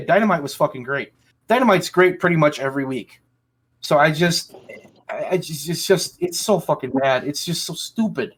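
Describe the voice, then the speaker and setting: A man's voice: on the high side, moderate pace. Ranting, swearing man on a podcast. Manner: angry ranting, heavy swearing. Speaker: podcast host. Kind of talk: casual chat.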